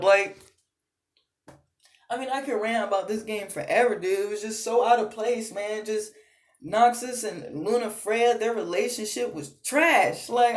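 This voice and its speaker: A gaming vlogger ranting casually, exasperated and profane, rambling with frequent fillers. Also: mid-range voice. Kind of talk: casual rant. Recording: roomy echo.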